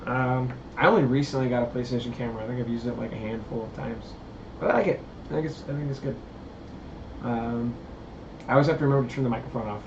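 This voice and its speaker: A man's voice: medium pitch, steady tone, fast. Chatty man live-streaming in a roomy workshop. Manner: rambling, chatty, answers chat comments. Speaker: stream host and puppet builder. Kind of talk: casual live-stream chat. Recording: roomy, dull, faint hiss.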